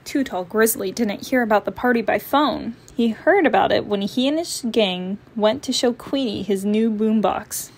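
A woman storyteller reading a children's picture book aloud, clear and expressive. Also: medium pitch, moderate pace, few pauses, slight background noise.

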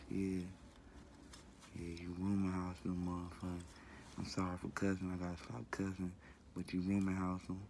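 Man, low gravelly voice, rambling slangy vlog chat with faint room noise behind. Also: darkish tone. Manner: loose, repetitive, slangy and cussing. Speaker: vlogger. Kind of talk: casual talk to camera.

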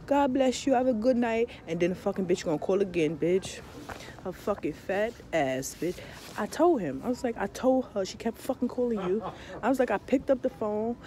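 New woman ranting to camera, cussing nonstop, lively and loud, darker mellow voice. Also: medium pitch, normal speed. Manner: loud, profane, animated storytelling. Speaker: tarot vlogger. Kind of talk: casual rant to camera.

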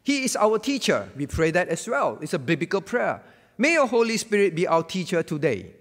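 A man's voice: high voice, sing-song, brisk, fairly bright tone, big-room sound. A man pastor giving a Bible lesson sermon, emphatic and repeating key phrases to drive them home.

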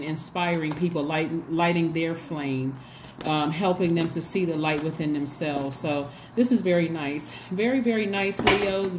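Chatty woman reading tarot, lowish voice. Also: background noise. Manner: chatty, repetitive, acts out quoted dialogue. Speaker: tarot reader. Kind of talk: casual tarot reading to viewers.

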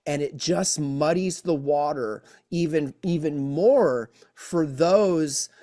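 A man's voice: fairly high pitch, slow pace, dark tone. Earnest man hosting a podcast. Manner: earnest, repeats himself, says "man" a lot. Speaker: podcast host. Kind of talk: casual podcast chat.

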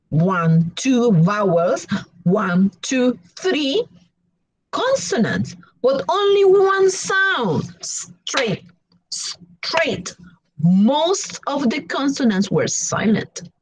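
A woman's voice: medium pitch, a little hiss or hum, poor audio. A woman teaching an English grammar lesson, repeating and drawing out words for her learners.

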